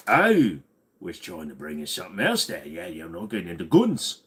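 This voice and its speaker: A man hosting a casual livestream, talking bluntly and crudely, his voice tiring and going hoarse. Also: medium pitch, sing-song, a little slow, a bit bright. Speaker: livestream host.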